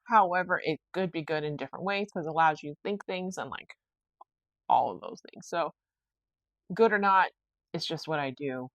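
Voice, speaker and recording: Low-voiced woman chatting on a podcast. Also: normal speed, dry recording. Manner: rambling, chatty, self-reflective. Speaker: podcast host. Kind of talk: casual solo podcast chat.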